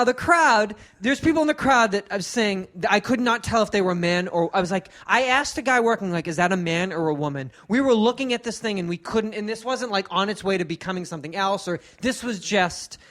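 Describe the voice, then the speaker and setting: A man's voice: sits high, fairly bright tone. A man co-hosting a podcast, telling a rambling, casual story with many fillers and restarts. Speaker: podcast co-host.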